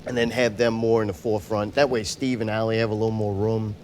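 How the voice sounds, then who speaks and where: A man's voice: lowish voice, little pitch movement, quick pace, a little mellow, a little hiss or hum. A man chatting as a podcast guest about booking shows, blunt and wry with a self-mocking streak. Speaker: podcast guest, show booker. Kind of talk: casual interview chat.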